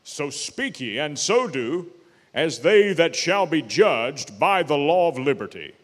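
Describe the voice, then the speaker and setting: A man preaching a sermon as pastor, emphatic and slowing down to stress key words. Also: a little high, big pitch swings, a bit bright, long reverb tail. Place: church sanctuary.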